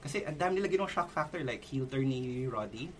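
A man with a Filipino accent, a podcast guest telling stories in relaxed chat, mixing English and Filipino, with some swearing. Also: medium pitch, fast, slight background noise. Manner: switching between English and Filipino, laid-back storytelling with profanity. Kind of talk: casual chat.

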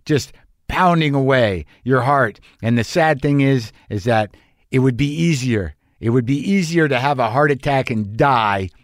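A man's voice: mid-range voice, dry recording, clean studio sound. A middle-aged man hosting a podcast, telling a candid personal story in a blunt, profane and wry way. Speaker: podcast host.

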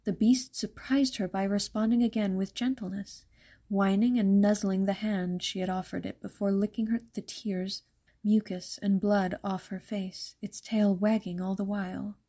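A woman narrating a dark fairytale in a measured, even storytelling manner. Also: mid-range voice.

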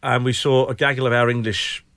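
A man with a Welsh accent, a football journalist telling lively stories in casual chat. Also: medium pitch, a little fast, vocal fry, no room sound. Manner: lively storyteller, laughs mid-story. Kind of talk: casual anecdote on a podcast.

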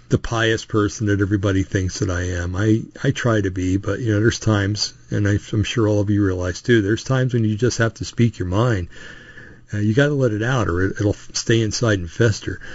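A man's voice: on the low side, normal speed, no echo. A man hosting a show, talking in a casual, opinionated, rambling monologue with frequent asides and restarts. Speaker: podcast host. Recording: dull, dry lo-fi recording.

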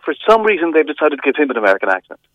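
A middle-aged man reviewing a film over the phone, chatty and hesitant, with many restarts and lively emphasis. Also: on the high side, racing. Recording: dull phone line.

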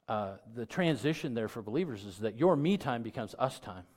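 Middle-aged male pastor, low voice, conversational sermon delivery rising to emphatic peaks. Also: expressive, normal speed, few pauses. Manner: conversational preaching that builds to loud emphatic peaks.

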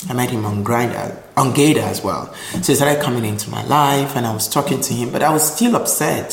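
A man from Nigeria telling his life story in an interview, animated and acting out voices in the quotes. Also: medium pitch, creaky, slight background noise. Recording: roomy echo with faint ambience.

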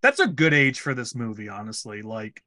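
A man's voice: medium pitch, sing-song, normal speed, sharp tone, dry recording, clean studio sound. An American man co-hosting a casual movie review podcast, joking and rambling with restarts. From United States. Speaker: podcast co-host.

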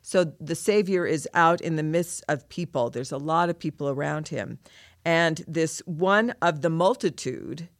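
At a measured pace, a woman whose voice sits low co-hosts a scripture lesson, reflecting on a passage in an earnest, heartfelt manner. The audio has no echo and is studio quality.

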